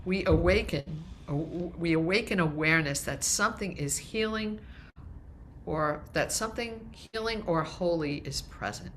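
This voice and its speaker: A woman's voice: fairly low pitch, unhurried, slight background noise. A woman minister giving a light-hearted, conversational sermon to her congregation, with frequent restarts. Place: congregation meeting hall, also streamed.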